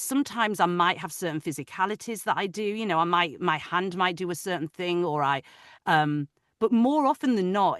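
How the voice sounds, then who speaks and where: A woman who narrates audiobooks, talking about her craft in an animated, chatty way with frequent restarts. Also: on the low side, dry recording, clean studio sound. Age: adult, parent of older children. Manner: animated, talkative, many restarts. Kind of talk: casual interview chat.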